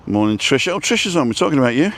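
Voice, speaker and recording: A man's voice: mid-range voice, very animated, rapid-fire, a bit bright, a little hiss or hum. A man hosting a casual outdoor live stream, rambling and reading out viewer comments as he goes.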